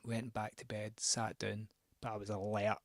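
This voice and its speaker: A man's voice: fairly low pitch, flat delivery, moderate pace, no room sound, clean studio sound. A man hosting a record show, telling a rambling, sweary, self-mocking anecdote between records. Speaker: radio host spinning records.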